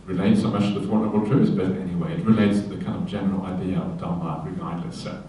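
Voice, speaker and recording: A man, a Buddhist monk, speaks to a retreat audience in a mellow, unhurried, chatty way, dotting his teaching with "uh" and "yeah?". He sounds distant from the mic. His voice rings through a very echoey hall. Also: low voice, a little hiss or hum. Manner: conversational, many fillers and "yeah?" tags, animated in quoted voices. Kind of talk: Dharma talk at a retreat.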